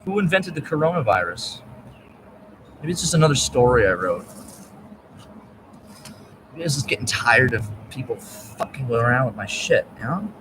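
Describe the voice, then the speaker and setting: A man in a rambling, profane monologue that jumps between topics, swinging from low muttering to loud outbursts. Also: very animated, moderate pace, pauses often, background noise.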